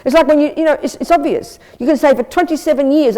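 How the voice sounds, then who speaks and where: Blunt, lively woman giving a dharma talk. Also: on the high side, quick pace, few pauses. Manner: blunt, lively, conversational and self-mocking. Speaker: Buddhist nun teacher. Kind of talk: dharma talk with audience questions. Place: Buddhist centre teaching room.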